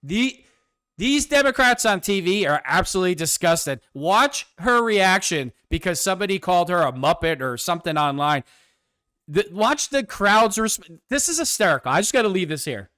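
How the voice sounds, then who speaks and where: A man's voice: high-pitched, sing-song, moderate pace, pushed and bright, dry recording, clean studio sound. A man hosting his own show, delivering a sarcastic, combative political commentary rant. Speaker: host.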